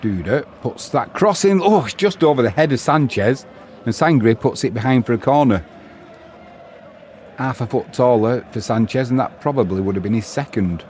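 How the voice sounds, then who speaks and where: In an animated, mid-range, slightly mellow voice at a moderate pace, a man commentates a live football match by himself, with slight background noise. He combines play-by-play with opinionated chat and answers to viewer messages.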